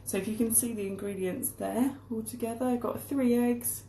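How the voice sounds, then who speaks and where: A woman's voice: a little high, steady tone, normal speed, mellow, a little hiss or hum. Lady teaching english while baking, chatty, kitchen echo and clanky bowls in the back. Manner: chatty, explains word meanings as she works. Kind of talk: casual cooking demonstration lesson. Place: home kitchen.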